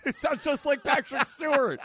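A man's voice: extremely high pitch, normal speed, sharp tone, dry recording, clean studio sound. A man co-hosting a comic book podcast, chatting casually and reacting with playful interjections. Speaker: podcast co-host. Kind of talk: casual chat.

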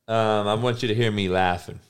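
A man's voice: lowish voice, steady tone, fairly quick, heavy background noise. A man hosting a podcast, delivering a crude, mocking, heated rant full of swearing. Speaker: podcast host. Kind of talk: crude ranting commentary.

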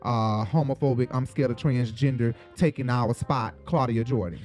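A man's voice: medium pitch, moderate pace, a little mellow, soft background music. A man co-hosting a reality show recap podcast, blunt and outspoken and swearing freely. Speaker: podcast co-host. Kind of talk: casual reality TV recap chat.

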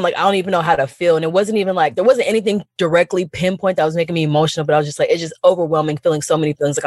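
Woman talking real fast on a podcast, dry close sound. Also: low-pitched, no room sound. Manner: candid, animated storytelling with slang. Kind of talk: casual chat.

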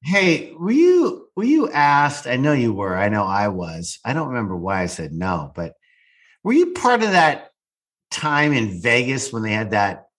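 Lively, quick-bantering man. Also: medium pitch. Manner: quick banter, blunt and swearing. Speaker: podcast co-host. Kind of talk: casual chat.

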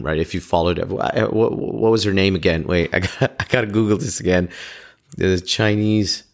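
A man with a fairly low voice thinks aloud in a loose, rambling monologue. He stumbles through restarts and laughs at himself as he goes.

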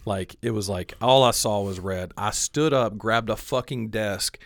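A young man in loose podcast chat, rambling with constant fillers and casual swearing. His voice sits a little low. The sound is dry and close, with no room in it. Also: measured pace, vocal fry, no room sound. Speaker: podcast co-host telling a story. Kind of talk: casual chat, profane storytelling.

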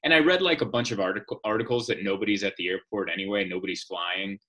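A man with a bright, forceful voice and a slightly low pitch, chatting casually as a guest. He tells wry, joking stories, with a comedian's timing. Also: fast talker. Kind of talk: casual podcast chat.

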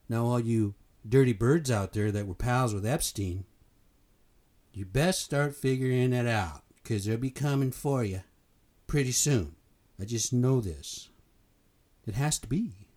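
A man's voice: medium pitch, mellow. A man from the United States giving a blunt, fired-up opinion monologue, swearing and repeating himself for emphasis. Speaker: commentator.

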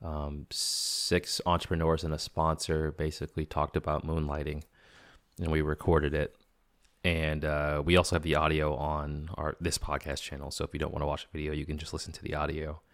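A man's voice: extremely low pitch, completely flat delivery, moderate pace, fairly bright tone, no echo, studio quality. A man hosting a podcast, giving a casual, rambling solo update full of fillers and restarts. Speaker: podcast host.

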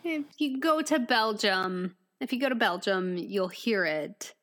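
A woman's voice: medium pitch, expressive, fairly bright tone. Playful woman riffing in group chat. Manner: playful teasing, quick to riff. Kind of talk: casual chat.

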